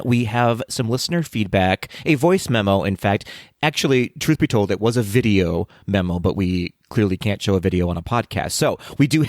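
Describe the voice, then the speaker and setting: A man's voice: on the low side, no room sound, studio quality. A playful man from the United States co-hosting a podcast, chatting casually and laughing often. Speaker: podcast co-host.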